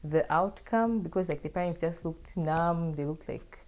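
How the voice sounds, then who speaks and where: A woman's voice: on the low side, normal speed, darkish tone. A young woman casually telling a personal story to her viewers in a chatty, filler-heavy way.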